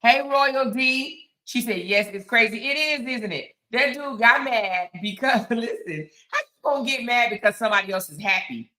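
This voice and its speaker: Lady in her 50s doing a live stream, chatty, bright voice, talks right to the chat, kinda echoey room. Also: on the high side, moderate pace, few pauses. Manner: chatty, talks straight to viewers, reads out chat comments. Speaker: commentary live-stream host. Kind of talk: casual live-stream commentary. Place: on the outskirts of Houston, Texas.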